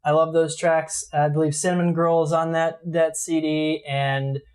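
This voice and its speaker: A man's voice: a little high, flat delivery, moderate pace, a little mellow. Casual, swearing male podcast co-host. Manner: loose and swearing, with restarts. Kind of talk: casual chat.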